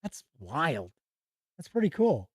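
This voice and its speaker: A middle-aged man hosts a casual stream, reading from books with frequent small self-corrections. His voice sits a little high for a man. The sound is dry and close. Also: huge pitch swings, takes it slowly, breathy edge, dry recording. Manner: reads aloud from books, corrects himself. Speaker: host. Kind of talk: casual livestream review.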